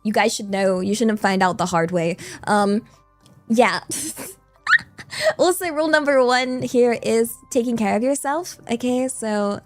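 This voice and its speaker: A woman's voice: fairly high pitch, a little slow, soft background music. A young British woman streaming, chatting in a playful, rambling way. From Britain. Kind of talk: casual live-stream chat.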